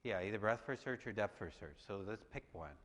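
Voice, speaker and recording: A man giving a university lecture, halting, with many restarts and fillers. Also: on the low side, animated, a bit bright. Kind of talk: classroom lecture. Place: large lecture hall. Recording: reverberant lecture hall, faint noise.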